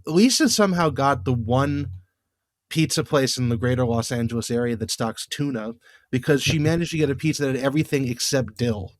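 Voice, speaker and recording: A man's voice: medium pitch, lively intonation, fairly quick, dry recording, clean studio sound. A man co-hosting a podcast, recapping in a rambling, exasperated way with many fillers. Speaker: podcast co-host. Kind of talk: casual recap chat.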